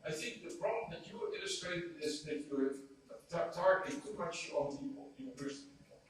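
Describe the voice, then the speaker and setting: A man's voice: on the high side, animated, brisk. A man speaking as an economist on a conference panel, a Dutch native, hesitant and repeating words as he thinks. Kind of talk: panel discussion answer. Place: conference hall. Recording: echoey hall, speaker far from mic.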